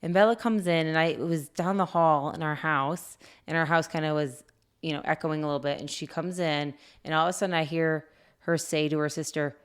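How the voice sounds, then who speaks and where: A middle-aged woman co-hosting a podcast, telling a story in a lively, laughing way with lots of fillers. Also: low voice, a little fast, clear, resonant tone. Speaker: podcast co-host. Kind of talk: casual storytelling chat.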